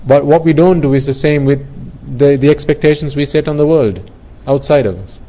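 Giving an earnest Buddhist dharma talk, this male teacher uses everyday examples to explain ideas and often repeats himself. His voice is a little high and mellow, moving at normal speed, and the recording is rough.

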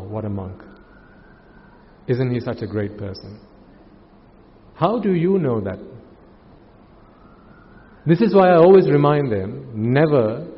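A man, a Buddhist monk, giving a calm sermon full of rhetorical questions. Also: mid-range voice. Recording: muffled, with long hall reverb.

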